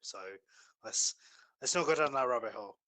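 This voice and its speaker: A man co-hosting a casual podcast, talking hesitantly with frequent ums and trailing off quietly. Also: mid-range voice, moderate pace. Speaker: podcast co-host. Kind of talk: casual chat.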